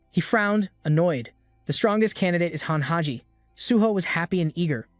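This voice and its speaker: Male narrator for a story recap, slightly high voice, steady delivery, faint music bed. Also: moderate pace, no room sound, studio quality.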